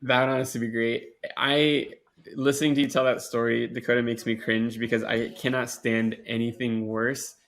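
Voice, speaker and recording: A man's voice: medium pitch, little pitch movement, moderate pace, a bit bright. A man co-hosting a podcast in casual chat, playful and emphatic, laughing often. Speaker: podcast co-host.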